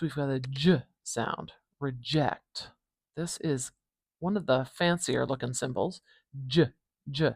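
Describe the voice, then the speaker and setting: Speaking in a low voice with an Atlantic Canadian accent, a Canadian phonetics teacher hosts a relaxed tutorial on her channel. She chats while writing, repeating each sound slowly so the viewer can follow. The sound is clean studio quality without echo.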